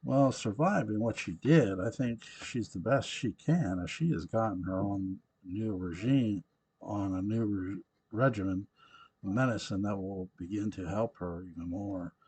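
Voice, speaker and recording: A man's voice: lowish voice, unhurried, warm tone, slightly rough, dry recording. A man voicing a male hospital doctor speaking in a matter-of-fact way. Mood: measured.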